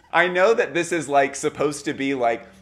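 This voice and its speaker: A man's voice: on the high side, normal speed. A man telling funny stories about shopping in a casual, chatty way, often laughing and acting out what people said. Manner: chatty, heavy use of "like" fillers, laughs often; animated, acts out quoted voices. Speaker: fashion commentator host. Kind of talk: casual anecdotal storytelling.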